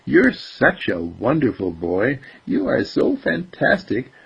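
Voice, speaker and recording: A man voicing a sweet five-year-old girl who whispers secrets, in a soft hushed whispered role-play on a dull lo-fi recording. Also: medium pitch, huge pitch swings, slow pace, gravelly, husky, voice pushed up, full character voice. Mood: tender whisper.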